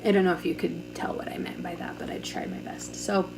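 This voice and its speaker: A woman's voice: lowish voice, flat delivery, fairly quick, creaky, noisy background. A young woman telling a personal story in a chatty, casual way, full of "like" fillers, recorded on a camera mic at home. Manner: chatty, lots of "like", acts out quoted dialogue. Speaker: vlogger.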